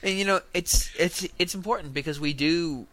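A man's voice: on the high side, moderate pace, fairly bright tone, no echo. A man co-hosting a casual podcast, teasing his co-host and laughing easily. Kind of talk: casual chat.

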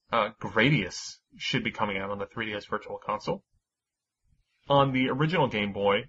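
Brief: chatty male podcast host, husky voice, casual swearing, dull lo-fi sound. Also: mid-range voice, sharp tone. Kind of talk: casual gaming podcast chat.

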